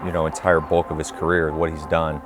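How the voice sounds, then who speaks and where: Very deep flat-voiced man reminiscing. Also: background noise. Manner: halting, many fillers. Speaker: former teammate. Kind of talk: reflective interview talk.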